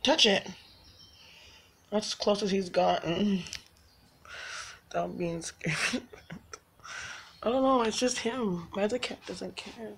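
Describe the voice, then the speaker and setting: A woman's voice: mid-range voice, takes it slowly, long pauses, fairly bright tone, a little hiss or hum. A woman filming her cats at home, talking to them in coaxing baby talk and laughing often. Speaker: cat owner filming her pets. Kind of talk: casual home video chat. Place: at home, indoors.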